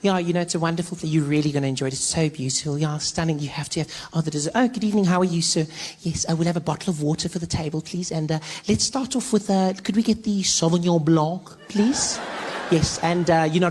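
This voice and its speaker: A man voicing a posh diner who orders in an affected French-style way, smooth and showy. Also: a little high, quick pace, a little mellow, slight background noise, lightly acted.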